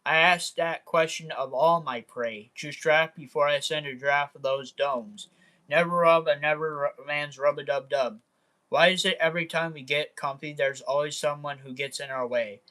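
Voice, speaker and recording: A man's voice: fairly high pitch, fairly even intonation, normal speed, bright, forceful tone. A man reading aloud as a menacing male clown villain from a comic book, in a sly, taunting, mock-theatrical way.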